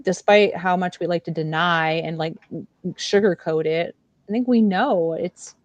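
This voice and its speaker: A woman co-hosting a podcast, chatting casually and telling candid, animated stories. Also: on the low side, a little slow, no room sound, highs cut off. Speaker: podcast co-host. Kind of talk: casual chat.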